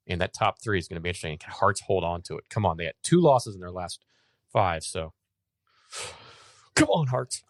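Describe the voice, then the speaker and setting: A man's voice: low-pitched, no echo, clean studio sound. A man co-hosting a podcast, chatting enthusiastically about soccer with frequent restarts. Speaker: podcast co-host. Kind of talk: casual sports chat.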